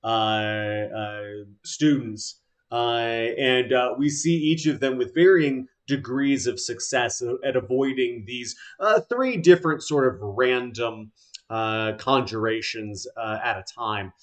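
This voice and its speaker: A man narrating a tabletop game as game master, slow and halting with many filler sounds. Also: mid-range voice.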